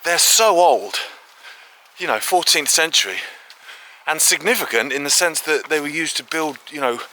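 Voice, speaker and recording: Man, vlogger walking through fields and woods, chatty and excitable, very bright voice, slightly higher pitch. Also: moderate pace. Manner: chatty and excitable, with frequent filler asides. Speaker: host of walking exploration videos. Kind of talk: casual walk-and-talk to camera. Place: outdoors in fields, woods and an old quarry.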